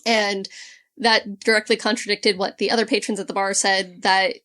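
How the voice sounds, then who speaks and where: A woman's voice: medium pitch, flat delivery, moderate pace, sharp tone. Woman casually summarizing a novel's plot. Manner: plot summary full of fillers and restarts. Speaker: book club podcast co-host. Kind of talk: casual chat.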